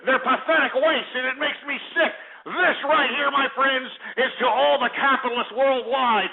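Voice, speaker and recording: A man's voice: very high voice, fairly even intonation, moderate pace, vocal fry. A man hosting a talk radio show, ranting in an angry, profane, sarcastic way. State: out of breath. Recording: tinny phone-like radio recording.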